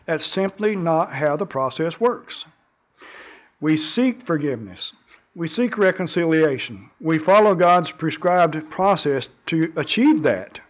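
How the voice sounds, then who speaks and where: A man preaching a sermon in an earnest, measured way, often repeating words as he goes. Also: a little high, animated, dull audio. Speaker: pastor.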